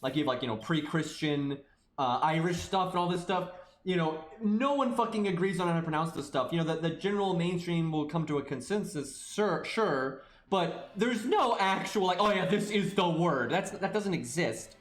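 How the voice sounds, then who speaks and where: A man's voice: fairly high pitch, expressive, moderate pace, reverberant. A man streaming live, ranting in a casual, profane way and tagging his points with "right?".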